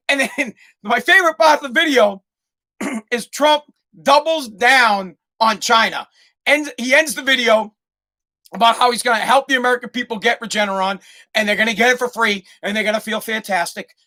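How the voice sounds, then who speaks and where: A man, hosting a podcast as a sarcastic, excitable, profane comic rant that often breaks into shouting. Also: very high-pitched. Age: 40s. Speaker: podcast host. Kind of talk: comedic rant.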